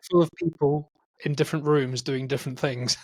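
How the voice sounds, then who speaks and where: A man hosting a casual movie podcast, jokey and quick to laugh. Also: a little high, fairly even intonation, slightly rough, no echo, clean studio sound. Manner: jokey, laughing, plays with silly accents. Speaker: podcast host.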